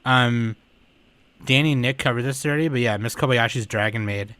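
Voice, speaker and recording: A man hosting a podcast in casual chat, excitable and swearing freely. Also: mid-range voice, fairly quick, clean tone, no echo. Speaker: podcast host.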